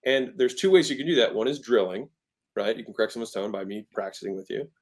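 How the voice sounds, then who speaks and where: A man's voice: lowish voice, quick pace. Emphatic man explaining sales technique. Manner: emphatic, keeps checking in with "right?"; acts out tones of voice to make points. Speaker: guest entrepreneur. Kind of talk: casual interview, teaching sales.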